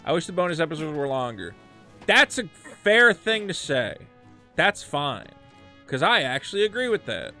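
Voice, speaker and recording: Animated, cursing male game streamer. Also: fairly high pitch, moderate pace, faint music behind. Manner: profane, ranting, animated. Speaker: streamer and podcast host. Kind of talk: casual gameplay commentary.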